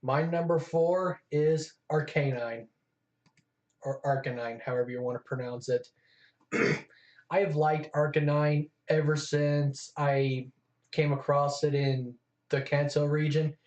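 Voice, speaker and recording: A man's voice: fairly high pitch, little pitch movement, measured pace, a little mellow. A man co-hosting a casual chat, talking eagerly and freely. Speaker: co-host. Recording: echoey room, dull lo-fi sound.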